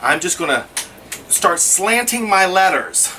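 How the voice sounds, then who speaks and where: A man's voice: high-pitched, big pitch swings, a little slow, sharp tone, recorded from a distance, a little hiss or hum. A man giving a casual scrapbooking how-to, chatting through each step as he works. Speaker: scrapbooking instructor.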